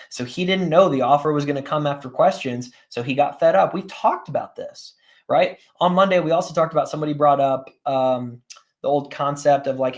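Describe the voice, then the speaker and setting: A man teaching a live coaching session in a somewhat high-pitched voice. He speaks plainly and casually, leans on everyday examples, and keeps asking "right?" to pull his listeners along. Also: fairly quick. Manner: conversational, often checks in with "right?" and "guys". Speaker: sales coach.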